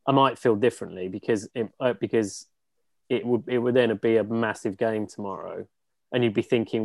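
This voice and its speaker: A man's voice: fairly low pitch, moderate pace, gravelly, darkish tone, no echo. A man talking football on a casual podcast, earnest and a little weary. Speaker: podcast guest.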